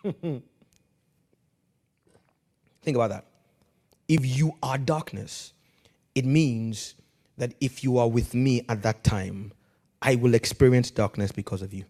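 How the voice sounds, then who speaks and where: A man preaching a sermon as pastor, swinging from quiet, measured lines to loud, emphatic ones and calling on the congregation to answer back. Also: medium pitch. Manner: calls on the congregation to respond.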